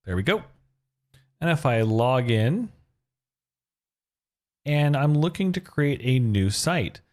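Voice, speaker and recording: A man hosts a screen-recorded coding lesson and narrates each step as he types it. His delivery is upbeat, and his pitch moves up and down a lot. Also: darkish tone. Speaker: web design tutorial host.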